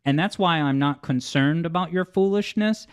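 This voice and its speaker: A man speaks to his viewers in a recorded clip, earnest and preachy. His voice sits a little on the high side. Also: normal speed, clean tone. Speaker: streamer in a played clip. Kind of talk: lecturing monologue.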